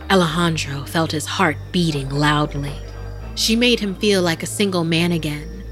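A woman narrating a horror story podcast as its host, in a measured, dramatic storytelling voice. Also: on the low side, fairly bright tone.

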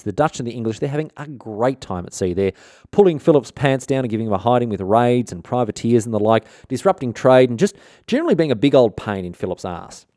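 A man's voice: fairly low pitch, mellow, dry recording, studio quality. An Australian man hosting a comic history podcast, telling the story in an irreverent, slangy way with rambling asides. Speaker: podcast host.

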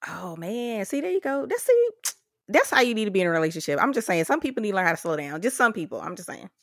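A woman's voice: mid-range voice, sing-song, quick pace, no echo, studio quality. A woman hosting an interview, teasing and eager, laughing often with her guest. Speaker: interviewer and host. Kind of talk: casual interview chat.

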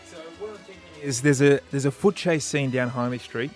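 A man from South Australia, a filmmaker guest on a radio show, explaining his project in a relaxed, matter-of-fact way. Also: mid-range voice, a little fast, soft background music. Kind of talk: radio interview.

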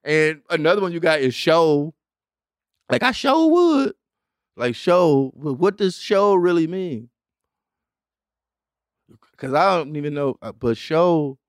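A man hosting a podcast in casual, animated comedic chat, laughing often and slipping into exaggerated voices when he quotes people. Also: on the high side, a little slow, long pauses, clean tone, dry recording, studio quality. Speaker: podcast host.

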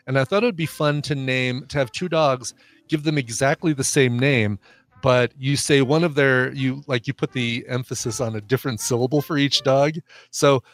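A man co-hosting a casual podcast chat, reading lists briskly and laughing often. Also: mid-range voice. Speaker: podcast co-host.

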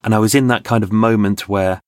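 A man, a podcast guest, telling lively stories in conversation with restarts and laughs. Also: lowish voice, a little fast, smooth, dry recording, clean studio sound. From England. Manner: animated anecdotes, frequent laughs and restarts. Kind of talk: storytelling in conversation.

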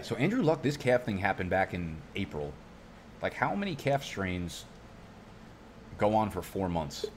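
A young man with a very low, deep voice, a fantasy football YouTuber, rambles loosely while drafting in casual vlog commentary. He swears often and keeps wandering onto tangents, with faint background noise beneath the recording.

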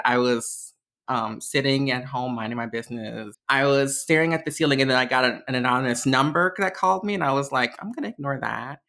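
A young adult woman, a podcast guest and diversity educator, telling stories casually and animatedly, laughing often between phrases. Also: fairly bright tone. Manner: acts out quotes in a much higher voice. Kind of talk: casual conversational storytelling.

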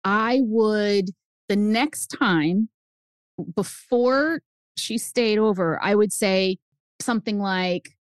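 A woman guest author chatting on a podcast, animated and telling stories while acting out quoted lines. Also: mid-range voice, slow, clear, resonant tone, no room sound. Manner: animated storyteller, acts out quotes. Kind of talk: casual podcast chat.

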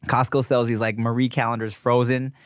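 A man co-hosting a podcast in relaxed, slang-heavy chat, swearing freely into a close mic. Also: mid-range voice, brisk, clean tone, no room sound. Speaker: podcast co-host. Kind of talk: casual chat.

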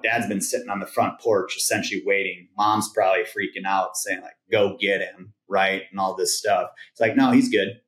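Male podcast guest, lowish voice, loose filler-heavy storytelling, roomy echo. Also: fairly bright tone. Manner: rambling, filler-heavy retelling with "like" and "right?". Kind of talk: casual storytelling. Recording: roomy echoing sound.

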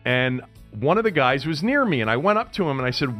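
A man's voice: mid-range voice, big pitch swings, brisk, a bit bright, soft background music. A middle-aged man hosting a sports radio show, telling a rambling story in a casual, chatty way. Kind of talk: casual monologue. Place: radio studio.

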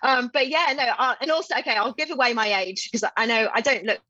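A woman's voice: a little high, fast, lo-fi sound, over a noisy crowd. An English woman in her forties, a podcast guest chatting casually, laughing often and poking fun at herself. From England. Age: 40s.

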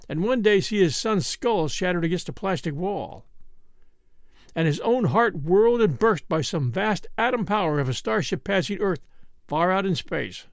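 A man reads a story aloud with dramatic expression. His voice sits fairly high with a gravelly texture, and the sound is dry and close. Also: dry recording. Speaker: narrator. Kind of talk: audiobook narration.

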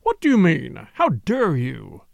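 A man voicing a tall male cult prophet who shouts and blusters in fury. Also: on the high side, wildly swooping pitch, unhurried, gravelly, dry recording, exaggerated voice. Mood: furious.

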